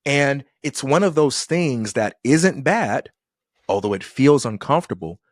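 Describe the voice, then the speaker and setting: A man's voice: mid-range voice, lively intonation, measured pace, no room sound. Thoughtful middle-aged man, dry close mic. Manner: thoughtful, acts out quoted people in dialogue. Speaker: podcast guest. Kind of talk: reflective conversational storytelling.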